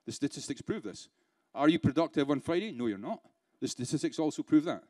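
A man's voice: fairly high pitch, lively intonation, brisk, a little mellow, no echo. British man giving a sarcastic keynote. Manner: conversational, rhetorical questions, dry sarcasm. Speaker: keynote speaker. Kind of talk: live conference keynote. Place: conference room.

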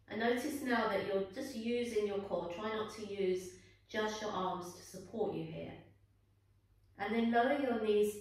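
A woman yoga teacher calmly talking students through a guided flow, with gentle encouraging cues. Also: medium pitch. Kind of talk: guided yoga class instruction. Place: indoor room, teacher on her mat. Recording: echoey room, voice from a distance, faint background noise.

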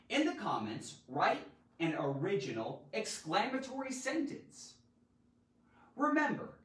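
A man hosting a playful live-streamed grammar lesson, theatrical and full of sudden loud exclamations. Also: sits high. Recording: roomy echo, mic at a distance.

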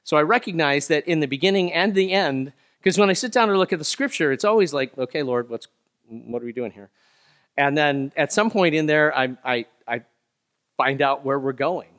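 A man's voice: on the high side, fairly bright tone. Male pastor preaching a sermon. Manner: conversational, self-deprecating, acts out little dialogues; slow, solemn scripture reading.

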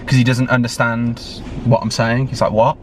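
A man's voice: medium pitch, monotone, moderate pace, a little hiss or hum. A young man from England with a London accent, chatting casually and filling his talk with restarts. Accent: London English. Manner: chatty, lots of fillers and restarts. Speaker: vlog co-host. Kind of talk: casual chat.

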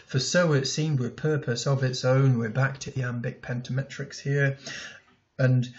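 A male teacher in a recorded lesson talks slowly and deliberately, pausing often to think aloud as he annotates a text. His voice has a gravelly, creaky edge. The sound is dull and lo-fi. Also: medium pitch. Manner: thinks aloud while writing, many ums and restarts.

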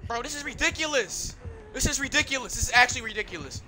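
A man giving excitable gameplay commentary, yelling and complaining in slangy talk. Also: extremely high pitch, fast talker. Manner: slangy, frequent "bro". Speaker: gamer.

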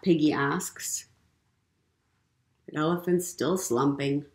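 A woman leading a storytime for young children as a librarian, gentle and encouraging, often asking the kids questions. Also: lowish voice, expressive, slow. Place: public library program room. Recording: roomy room echo.

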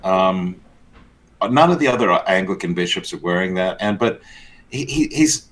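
Lively low-voiced man, blunt and sardonic. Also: moderate pace. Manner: blunt, sardonic, animated commentary. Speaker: co-host and church commentator. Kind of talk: casual news banter.

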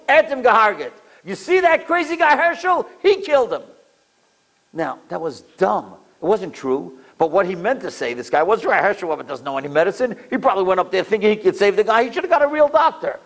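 A middle-aged man giving a storytelling lecture, animated and acting out voices in dramatic bursts. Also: fairly high pitch.

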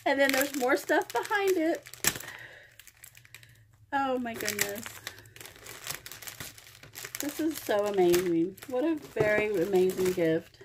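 A middle-aged woman from Oklahoma with a fairly high voice gushes over stickers and paper in an unboxing vlog, exclaiming and thanking over and over. Paper crinkles faintly behind her. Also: expressive, takes it slowly, pauses often, noisy background. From Oklahoma, USA. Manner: gushing, effusive, exclaims often. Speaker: crafting vlogger. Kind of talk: happy mail unboxing vlog.

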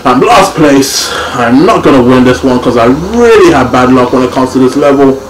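Excitable young man yelling at a game. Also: mid-range voice, normal speed. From Kent, England. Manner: excitable, swears and yells at the game. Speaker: gamer co-host. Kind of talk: casual gaming commentary. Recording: echoey room with game music.

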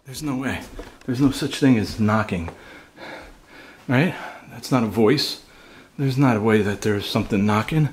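A man's voice: mid-range voice, measured pace, pauses often, background noise. A man filming a ghost-hunting vlog alone inside an abandoned house, nervous and jumpy, swearing often. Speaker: paranormal investigator vlogger.

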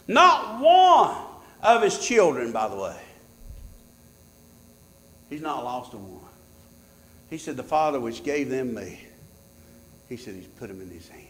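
A pastor preaching a sermon in church, swinging between loud high peaks and low, quiet asides. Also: male voice, sing-song, takes it slowly, pauses often, roomy sound.

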